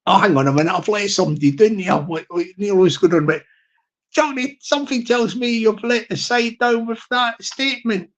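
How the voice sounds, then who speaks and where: Southwest english bloke on a live stream, chatty, rambly, keeps repeating himself, laughs a lot doing shout-outs. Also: male voice, high-pitched, moderate pace. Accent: Southwest England. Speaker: livestream host.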